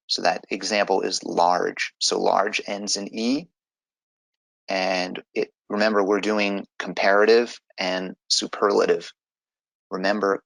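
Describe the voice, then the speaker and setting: A man's voice: sits low, creaky, a bit bright, dry recording, low-quality recording. A man teaching an online grammar lesson, explaining step by step in a patient way.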